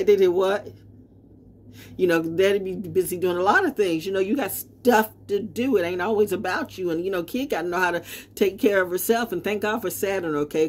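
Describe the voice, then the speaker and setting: A woman in her sixties giving a defiant, rambling monologue, swinging from loud outbursts to low mutters. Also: slightly rough. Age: 60s. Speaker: vlogger. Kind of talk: unscripted monologue.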